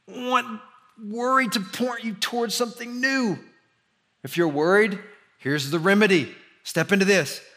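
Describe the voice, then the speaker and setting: A young man from the preaching a conversational sermon as pastor, rising in pitch and volume when he drives a point home. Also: bright, forceful tone. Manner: conversational preaching with sudden emphatic rises.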